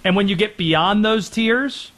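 A man hosting a sports talk show, running through players and teams in a brisk, opinionated way. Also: high-pitched, a bit bright.

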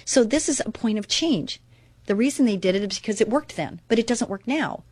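A woman's voice: mid-range voice, lively intonation, brisk, no echo. A middle-aged woman hosting her own faith-based radio show, chatting earnestly and reading scripture aloud with emphasis. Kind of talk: devotional talk radio monologue.

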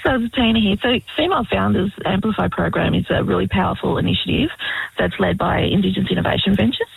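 Guest: woman program lead, deep fry and breathy rasp, earnest explainer. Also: quick pace, dry recording, rough recording. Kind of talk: radio interview.

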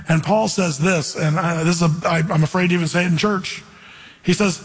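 A man's voice: high-pitched, steady tone, brisk, slightly rough, in a large hall, poor audio. A man preaching an informal, earnest sermon in a church, quoting scripture and putting on voices to make his points. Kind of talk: conversational sermon.

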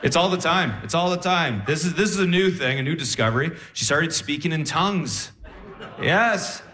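A man performing a stand-up comedy routine, telling a story with animated delivery and acted-out voices. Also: on the high side, moderate pace. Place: comedy stage with live audience. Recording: echoey live venue.

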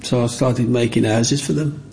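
A man tells stories from his boyhood. His voice is gravelly and creaky at a middling pitch, and he bursts into the excited voices of children when he quotes them. A faint noise runs underneath the recording. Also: moderate pace. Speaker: interviewee. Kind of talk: reminiscing storytelling.

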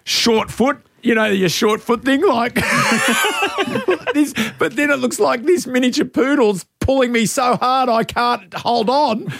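An Australian man co-hosting a radio show, telling a self-mocking story in a casual, animated way. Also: takes it slowly, vocal fry, no echo. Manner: animated, self-mocking, imitates beeps in a high voice. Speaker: radio co-host.

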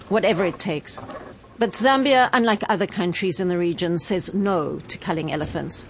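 A woman reading a scripted news report in an even, measured way. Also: on the low side, slight background noise.

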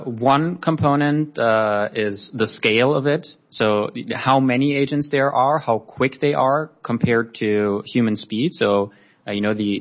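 Male expert witness, low voice, hesitant with fillers, dull lo-fi audio. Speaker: expert witness, research company head. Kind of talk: hearing testimony.

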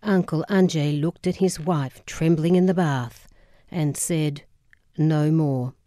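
A woman narrating a memoir audiobook in a measured, solemn way. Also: deep voice, fairly even intonation, warm tone, no room sound, clean studio sound.

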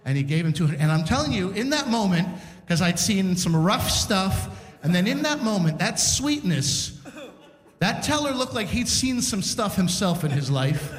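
A man hosting a live stand-up show, telling a story in a chatty, animated way with restarts and asides. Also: sits high, normal speed. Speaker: stand-up comedian and show host. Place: stage in a community center hall. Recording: roomy live hall reverb.

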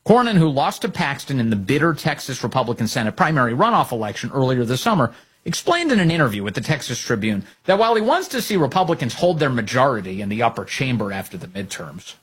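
A man's voice: medium pitch, fairly bright tone, slightly rough. A man hosting opinionated political commentary, talking in a sarcastic, mocking way.

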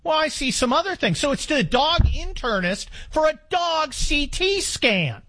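Animated wry talk-radio host, older man. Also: extremely high pitch, moderate pace. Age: 60s. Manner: animated, wry, rambling with restarts.

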